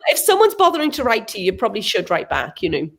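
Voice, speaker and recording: A middle-aged woman, an author, chatting as a guest and telling animated stories, acting out the people she quotes. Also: mid-range voice, fast talker. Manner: animated storyteller, acts out quotes, frequent laughs. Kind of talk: casual chat.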